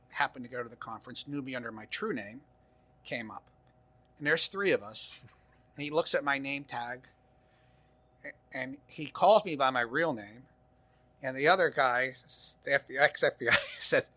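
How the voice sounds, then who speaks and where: Older guy w bright forceful voice, rambling stories, lots of restarts. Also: medium pitch, dry recording. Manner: rambling anecdotes with frequent restarts and laughs. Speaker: guest, former intelligence officer. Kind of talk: casual interview storytelling.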